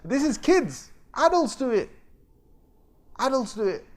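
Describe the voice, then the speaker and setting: High-voiced guy teaching a religious story, acts out the voices, gets loud then drops quiet. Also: measured pace. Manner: animated, acts out quoted voices and fake crying. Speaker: Islamic teacher. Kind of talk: lecture on a scripture story.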